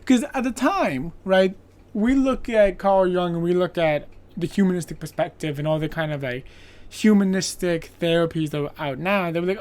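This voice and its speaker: This is a podcast host recapping a movie in a casual, rambling way. The talk is peppered with "like" and mild profanity, and the pitch sits in the middle. Characters' lines get acted out in quick quoted bits. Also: a little mellow. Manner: chatty, profane, lots of filler "like".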